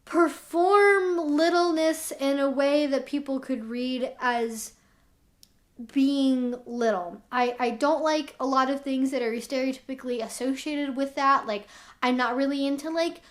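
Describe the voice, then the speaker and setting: High-voiced woman vlogger, candid. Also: measured pace. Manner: candid, explanatory, many "like" fillers. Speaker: vlogger and kink educator. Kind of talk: talking to camera.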